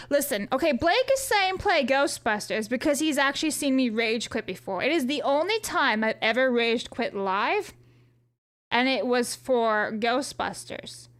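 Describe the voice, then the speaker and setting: A woman's voice: sits high, fairly bright tone. A woman streamer chatting casually on a live stream, reading viewers' chat aloud and answering in a joking, profane way.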